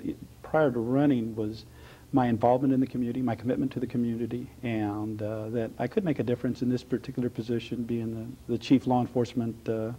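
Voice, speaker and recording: A middle-aged man with a slight Texas accent speaks as a sheriff in a broadcast interview. His tone is mellow and low-key, and his answers come in halting, measured phrases with frequent pauses. The recording is dull and lo-fi. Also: gravelly. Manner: halting, many uh fillers, measured. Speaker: county sheriff, guest.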